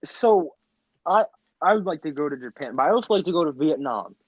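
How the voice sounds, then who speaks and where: A man's voice: on the high side, lively intonation, brisk, no room sound. A young man co-hosting a podcast in casual chat, spinning absurd tangents in a matter-of-fact way. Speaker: podcast co-host. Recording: dull dry lo-fi mic.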